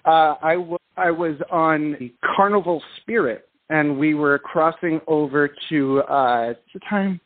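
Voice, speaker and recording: A man from England calls in as a guest and talks in an animated, self-deprecating rush, often restarting his sentences. His voice sits fairly high. It comes through a tinny, narrow phone line. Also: a little slow, hardly any pauses, no echo. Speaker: guest singer and dancer. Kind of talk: casual storytelling over the phone. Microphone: telephone.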